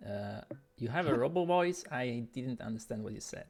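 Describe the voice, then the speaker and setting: A man's voice: mid-range voice, animated, normal speed, gravelly, a little mellow. A man casting an esports match in a casual, hesitant way, thinking aloud with plenty of fillers while speaking over an online voice call. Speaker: esports caster. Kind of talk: casual game commentary. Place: home setup on an online voice call.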